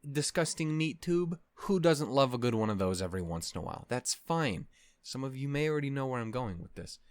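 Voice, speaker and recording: A man's voice: medium pitch, animated, brisk, no echo. A man hosting an anime discussion, talking in a casual, rambling rant full of profanity and mock outrage. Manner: rambling with many fillers and restarts.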